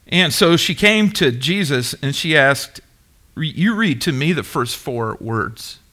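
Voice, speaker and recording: A man's voice: a little high, measured pace. A middle-aged man preaching a sermon as pastor, emphatic and engaging, questioning his congregation and waiting for answers. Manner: animated, emphatic preaching with call-and-response questions.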